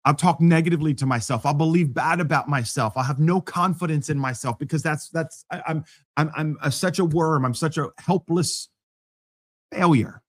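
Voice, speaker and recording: A man delivers a sermon in the easy, conversational style of a pastor talking to his congregation. His voice sits a little high for a man, and he often slips in gentle humor at his own expense. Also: normal speed. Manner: conversational preaching with self-deprecating humor.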